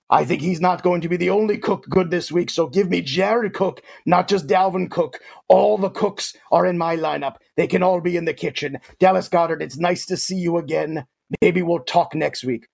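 A towering alien warlord voiced by a man with a deep, gritty rasp and a breathy, husky edge. He is smug and grandiose, pompous in every phrase, and talks about himself in the third person while making comic sports picks. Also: moderate pace, darkish tone. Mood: grandiose, playful. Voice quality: gravelly, husky.

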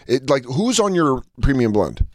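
A man's voice: medium pitch, normal speed, no room sound, studio quality. A male comedian co-hosting a podcast, riffing casually and steering the conversation. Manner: animated, riffs and steers the conversation.

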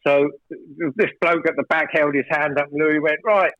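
A man, a record producer, telling a long studio story in a casual interview, rambling with many fillers and restarts and growing animated and emphatic. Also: a little high, normal speed, no echo, dull audio.

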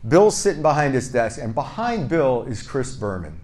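A man's voice: medium pitch, moderate pace. A man guesting on a podcast, telling stories casually and playfully. He pokes fun at himself and acts out both sides of the conversations he describes. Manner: lively, re-enacts dialogue with "I go, he goes"; self-deprecating and playful. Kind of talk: casual anecdotal storytelling.

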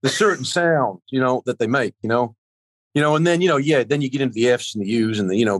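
Guy actor chatting in an interview, rambles, lots of you-knows, mid-pitched, dry mic. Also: fast, no echo. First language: not a native of the country he is speaking about. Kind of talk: casual interview chat.

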